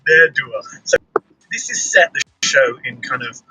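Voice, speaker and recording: Chatty guy interviewer, pitch all over the place, ribbing his guest. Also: normal speed, husky, faint music behind, low-quality recording. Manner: upbeat, teasing, flattering questions. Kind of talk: talk-show interview.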